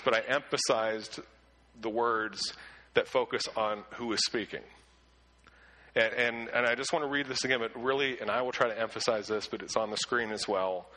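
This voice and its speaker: A man preaching a sermon with earnest emphasis, who often repeats words as he starts a sentence and slows down to read scripture aloud. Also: mid-range voice, sharp tone, poor audio. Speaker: pastor.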